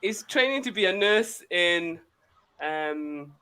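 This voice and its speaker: A man chatting casually in a group, halting now and then to search for words. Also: sits high, lively intonation, pushed and bright, clear, resonant tone.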